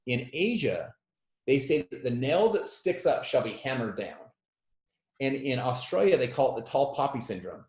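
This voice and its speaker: Male motivational speaker, thirties, mid-pitched, animated and self-deprecating, echoey room. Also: moderate pace. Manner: animated, self-deprecating storyteller who acts out quotes loudly. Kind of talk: storytelling talk.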